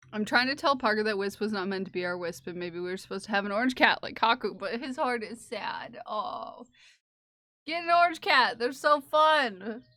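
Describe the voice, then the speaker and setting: A woman's voice: a little high, pushed and bright, no echo. A woman chatting casually on a livestream while knitting, laughing often and talking fondly to her cat. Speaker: streamer.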